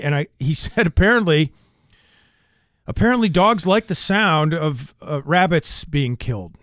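A man filling in as co-host on a radio show, telling wry little stories in a relaxed, casual way. His voice sits a bit higher than most men's. The studio sound is dry and close. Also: unhurried, no echo. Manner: storytelling, wry.

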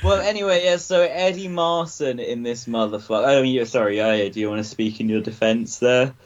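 A man's voice: mid-range voice, a little fast, lo-fi sound, slight background noise. A man co-hosting a podcast, telling a story in casual chat, giggling and swearing as he goes. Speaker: podcast co-host.

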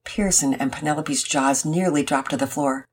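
A woman's voice: deep voice, moderate pace, breathy edge. A woman hosting and narrating a children's family story, reading it aloud. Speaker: storyteller and host.

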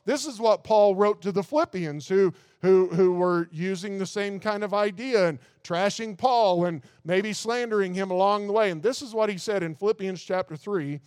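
High, smooth-voiced preaching man. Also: no echo, clean studio sound. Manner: earnest, emphatic preaching with frequent restarts. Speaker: pastor. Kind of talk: sermon.

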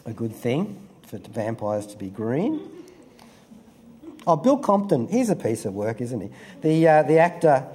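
A man's voice: mid-range voice, dark tone. A man giving an amused, rambling review in a casual chat, full of fillers and asides.

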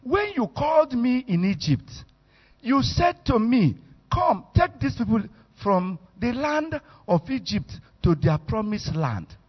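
A man's voice: extremely high pitch, very animated, slow pace, husky, heavily acted. A man with a Nigerian accent voicing an older male prophet who pleads earnestly and respectfully. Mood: pleading. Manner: earnest, reasoning, deferential. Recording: echoey hall, muffled sound.

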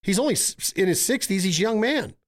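A brash man hosts a podcast in loose, joking banter. His voice sits a little high for a man, and he swears freely as he needles his co-host. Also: lively intonation, quick pace. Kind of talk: casual banter.

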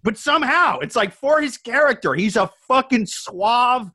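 A man with a high, bright voice spins long, animated comic riffs in casual podcast banter. He rambles, swears freely and keeps the story rolling. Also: normal speed, breathy edge.

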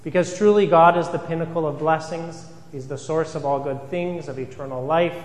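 A man's voice: fairly high pitch, normal speed, darkish tone. A man, a priest, giving an earnest sermon, asking rhetorical questions and repeating key phrases for emphasis. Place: church. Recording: reverberant church hall.

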